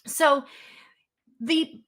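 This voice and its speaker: A woman's voice: drawn-out words, fairly bright tone. A woman presenting a webinar, telling stories in a chatty way and acting out the exchanges she quotes. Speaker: webinar speaker.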